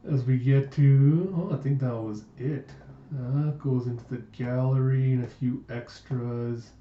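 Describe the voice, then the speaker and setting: A man's voice: mid-range voice, steady tone, a little slow, warm tone, reverberant, lo-fi sound. A man narrating a comic book readthrough, reading the characters' dialogue aloud between chatty asides, sighs and groans.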